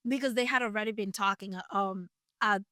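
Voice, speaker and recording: A woman's voice: mid-range voice, fairly quick, pushed and bright, no room sound, clean studio sound. A woman retelling a Bible story in a casual, chatty way, with playful asides. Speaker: Bible teacher.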